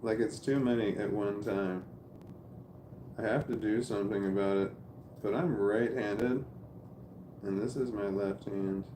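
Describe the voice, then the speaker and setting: A man's voice: on the low side, steady tone, unhurried, pauses often, dark tone, roomy sound, a little hiss or hum. A man chatting casually on a live stream, reading comments aloud and answering them, who stammers and repeats words as he searches for what to say. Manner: rambling, thinks aloud. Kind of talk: casual chat.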